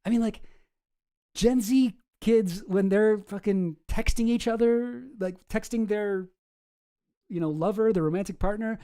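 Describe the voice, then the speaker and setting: A man hosting a loose commentary stream, wandering through his points with self-deprecating asides and frequent swearing. His voice sits a little high but sounds mellow and soft. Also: unhurried, clean tone. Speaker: streamer host.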